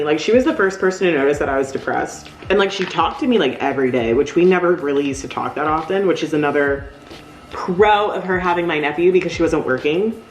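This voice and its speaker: A woman's voice: low-pitched, lively intonation, brisk, roomy sound, soft background music. A woman in her thirties talking candidly in a casual, rambling vlog while decorating cookies, using lots of fillers. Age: 30s. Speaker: vlogger.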